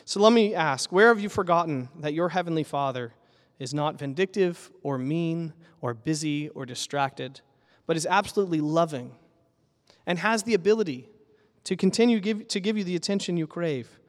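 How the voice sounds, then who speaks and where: A pastor preaching a sermon in an earnest, emphatic way, building with repeated phrases. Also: male voice, on the high side, animated, normal speed, big-room sound.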